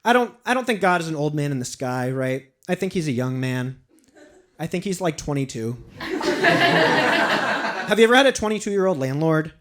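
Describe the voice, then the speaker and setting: A man's voice: on the high side, big pitch swings, normal speed, pauses often, fairly bright tone. A man doing a rambling, self-deprecating stand-up set in a small apartment, acting out little voices. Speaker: stand-up comedian. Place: small apartment with a live audience. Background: audience laughter.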